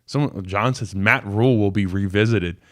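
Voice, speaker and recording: A man's voice: fairly low pitch, normal speed. Man, 20s, former player turned show host; casual, rambling delivery full of fillers. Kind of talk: live call-in sports talk.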